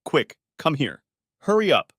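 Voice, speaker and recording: Male narrator doing a panicky young bride, high stammering voice, dry close sound. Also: big pitch swings, moderate pace, a bit bright, no room sound. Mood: teasing. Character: flustered young woman bride, sneaky.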